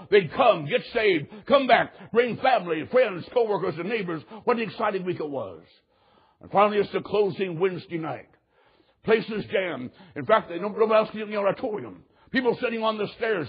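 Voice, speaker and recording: Husky high-voiced preacher man telling a story. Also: lo-fi sound. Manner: animated, acts out quotes. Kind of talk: sermon storytelling.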